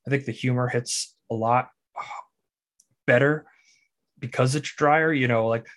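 A man's voice: mid-range voice, steady tone, measured pace, fairly bright tone. A man co-hosting a podcast who casually talks through a film and sets up its clips. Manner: explains plot and sets up clips. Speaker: podcast co-host.

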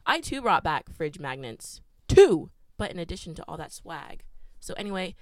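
A woman's voice: on the low side, sing-song, moderate pace, no room sound. A young woman co-hosting a podcast, telling a travel story in a chatty way with lots of "like". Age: young adult. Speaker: podcast co-host. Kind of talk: casual chat.

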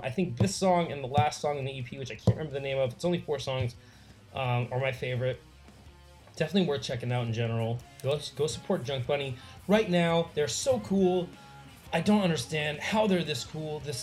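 A music vlogger giving casual song recommendations, gushing and excitable, with many "like" fillers. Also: mid-range voice.

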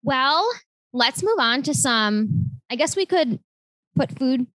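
A woman's voice: sits high, expressive, slow pace, fairly bright tone, no echo, poor audio. A young woman co-hosting a podcast, chatting casually and loosely with lots of filler words. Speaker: podcast co-host. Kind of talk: casual chat.

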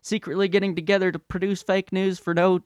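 A man putting on a mocking caricature of a loud, stubborn conservative man, shrill and whiny. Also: level tone, brisk, clean tone, no echo, studio quality, lightly acted.

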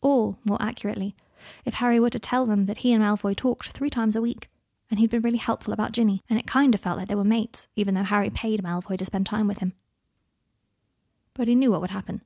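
A woman reading fan fiction aloud in a calm, even narrating voice. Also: medium pitch, fast talker, creaky, dry recording, studio quality. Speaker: reader.

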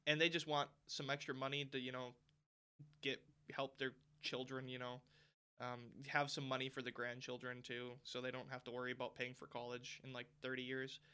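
A young man co-hosting a podcast in casual chat, rambling with lots of fillers and getting loud when excited. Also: medium pitch, moderate pace, clean tone. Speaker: podcast co-host.

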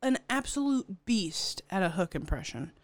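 A woman's voice: mid-range voice, sing-song, moderate pace, no echo. A woman in her twenties chatting casually, throwing in wry, joking asides. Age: 20s. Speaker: podcast co-host. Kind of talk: casual chat.

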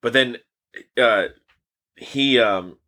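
A young podcast co-host with a medium-pitched, sharp voice talks extremely slowly in laid-back, casual chat. He swears a lot and laughs often.

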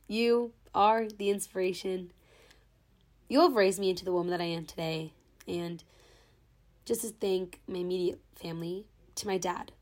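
A young woman hosting her own podcast delivers a sentimental thank-you monologue while holding back happy tears, recorded on her own camera. Her voice is medium in pitch with a darkish tone.

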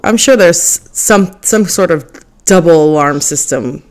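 A young woman hosting a podcast alone, chatting casually and reading forum posts aloud, animated and laughing often. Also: deep voice. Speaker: podcast host.

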